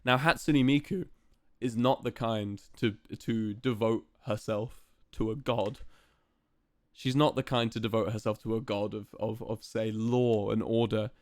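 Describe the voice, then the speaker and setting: A man's voice: fairly low pitch, unhurried, no room sound, studio quality. Young man chatting playfully on stream. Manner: playful, animated, chatty with many fillers. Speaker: live streamer. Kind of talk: casual live-stream chat to viewers.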